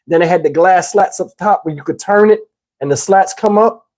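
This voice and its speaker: A man on his channel telling a childhood storm story in a lively, casual way, acting out his relatives. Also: high voice, moderate pace. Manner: animated, acts out characters. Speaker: channel host.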